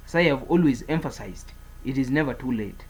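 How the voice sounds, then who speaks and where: A man's voice: medium pitch, animated, fairly quick, slightly rough, low-quality recording. A man giving a political commentary monologue, speaking in an emphatic, repetitive way as he declares and warns.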